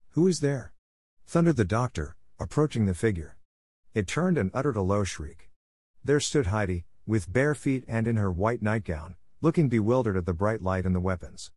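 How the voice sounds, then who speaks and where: A man narrating a children's novel aloud in steady storytelling fashion. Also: fairly low pitch, no room sound, studio quality. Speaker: audiobook narrator.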